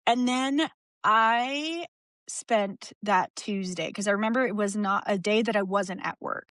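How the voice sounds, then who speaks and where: A woman talks openly as a guest on a podcast. She is emotional and frank, circling back and restarting her thoughts with small laughs. Her voice sits at an ordinary pitch in a dry, close recording. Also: a little slow, no room sound. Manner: open and emotional, rambling with restarts and soft laughs. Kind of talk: candid conversational interview.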